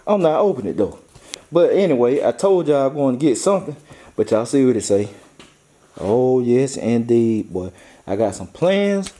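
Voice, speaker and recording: A man's voice: medium pitch, big pitch swings, unhurried, mellow. A young man, talking casually to the camera about his car projects, laid-back and repetitive, full of slang and hype. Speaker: car vlogger. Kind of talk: casual vlog talk.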